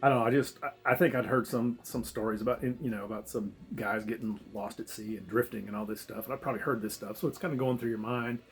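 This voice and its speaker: A man's voice: medium pitch, steady tone, quick pace, few pauses, faint music behind. A man casually telling a story to camera, rambling and restarting, swearing and chuckling often. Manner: rambling, self-interrupting, swears and laughs often. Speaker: vlogger telling a diving story.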